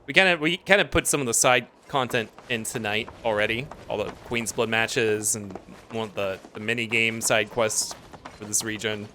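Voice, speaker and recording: A man's voice: on the low side, moderate pace, sharp tone, a little hiss or hum. A man streaming a video game live, chatting casually, easily distracted, reacting to what is on screen.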